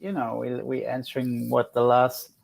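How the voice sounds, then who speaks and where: A man's voice: medium pitch, little pitch movement, moderate pace, gravelly. A man hosting a casual spiritual chat, talking in a reflective, earnest way with many restarts. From outside the United States. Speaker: host.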